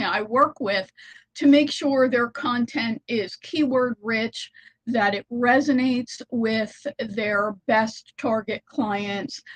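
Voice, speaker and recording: A woman's voice: fairly high pitch, low-quality recording. A woman content strategist talking casually to camera in a house, recorded on a laptop. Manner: chatty and informal, with small self-corrections. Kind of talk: casual talking-head video. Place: house, indoors. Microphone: laptop built-in mic.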